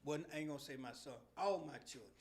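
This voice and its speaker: A man's voice: on the high side, fast. A middle-aged man hosting a podcast, telling stories in casual slang and laughing often. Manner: Southern slang, animated and loud. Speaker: podcast host. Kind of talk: casual storytelling chat.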